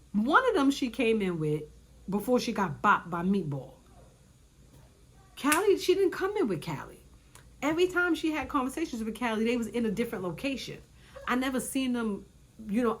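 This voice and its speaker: Chatty lady recapping episodes, animated, keeps repeating stuff for emphasis. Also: a little high. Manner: chatty, animated, says "child" often, repeats lines for emphasis. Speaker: reality show recap YouTuber. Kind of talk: casual episode recap and commentary.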